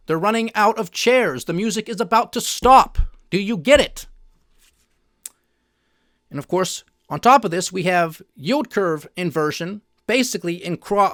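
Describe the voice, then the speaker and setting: Man, higher-pitched voice, emphatic sarcastic market commentary, dry close sound. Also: fairly bright tone, dry recording. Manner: emphatic, sarcastic, addresses audience as folks. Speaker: finance news show host. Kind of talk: opinionated commentary.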